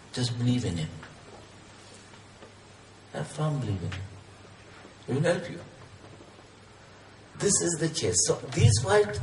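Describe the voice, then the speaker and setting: A man's voice: mid-range voice, a little mellow, slight background noise. A man whose first language is Urdu, preaching a sermon in English with earnest, repeated, rising emphatic questions. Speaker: Islamic preacher. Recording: roomy echo, distant mic, faint ambience.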